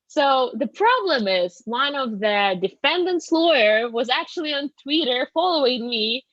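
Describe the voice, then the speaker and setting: A woman's voice: high-pitched, animated, a little slow, a bit bright, dry recording, muffled recording. A woman with a Russian accent, a native Russian speaker, telling a story in a chatty way with laughs. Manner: chatty, laughing, frequent fillers. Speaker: guest reporter. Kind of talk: casual interview storytelling.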